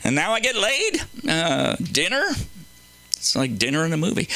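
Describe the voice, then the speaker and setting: A male stand-up comedian on a club stage, talking into a handheld mic, swinging between deadpan asides and loud, exaggerated readings. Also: fairly high pitch, moderate pace, no room sound, low-quality recording.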